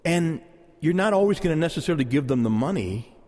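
A male pastor preaching a sermon in a church, lively and conversational, acting out quoted voices and chuckling now and then. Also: on the high side, quick pace. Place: church sanctuary. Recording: long hall reverb.

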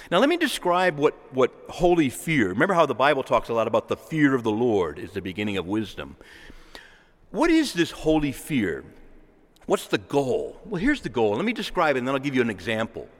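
A man preaching a sermon with impassioned delivery, moving between raised pleading and hushed earnestness. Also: fairly high pitch, long reverb tail.

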